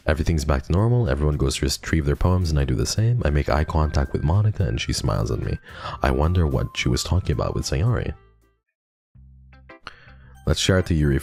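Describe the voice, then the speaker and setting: A man's voice: very deep voice, sing-song, a little fast, creaky, a little mellow, soft background music. A male streamer on a gaming livestream, reading a visual novel aloud with wry, playful commentary and dramatic outbursts.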